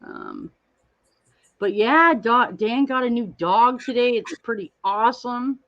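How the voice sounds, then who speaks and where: Woman host, unhurried rambling chat with viewers, dull lo-fi sound. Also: on the high side, huge pitch swings. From Canada. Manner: chatty, rambling, reads out and greets viewers by name. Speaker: livestream host.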